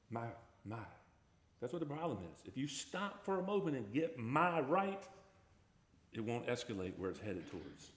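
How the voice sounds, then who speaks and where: A man's voice: mid-range voice, roomy sound. A man preaching a sermon, emphatic, firing off rhetorical questions and repeating key words. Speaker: pastor.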